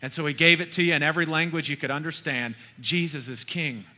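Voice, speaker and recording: Male pastor in his 40s, folksy conversational sermon, bright voice, reverberant hall. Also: fairly high pitch, steady tone, rapid-fire. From Kentucky. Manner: conversational, folksy preaching with rhetorical questions.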